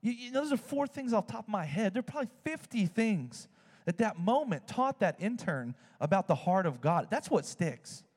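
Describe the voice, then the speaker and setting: A man preaching a sermon, telling a story with animated swings in his voice. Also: normal speed, big-room sound. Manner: animated storytelling, swings high when excited.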